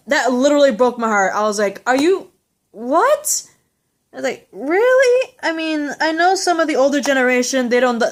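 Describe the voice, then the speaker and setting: A woman vlogging in a casual, rambling and gushing way, with many fillers. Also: mid-range voice. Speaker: vlogger reviewing a TV episode. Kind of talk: casual chat.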